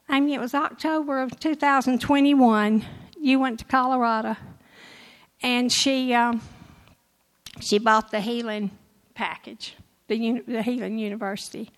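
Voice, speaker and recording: A woman's voice: fairly high pitch, fairly bright tone, rough recording. An older woman giving a personal testimony at church, telling her story with emotion, laughter and quoted dialogue.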